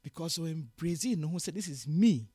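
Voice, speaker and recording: A woman's voice: low-pitched, animated, brisk, slightly rough, no echo. Passionate Ghanaian woman, dry sound. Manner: passionate, lecturing, rising loud when stirred. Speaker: interview guest. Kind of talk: casual interview, switching between Twi and English.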